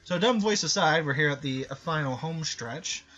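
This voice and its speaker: A man's voice: on the high side, expressive, normal speed, a bit bright, lo-fi sound. A man giving casual, sarcastic, rambling commentary over a game. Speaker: gameplay commentator.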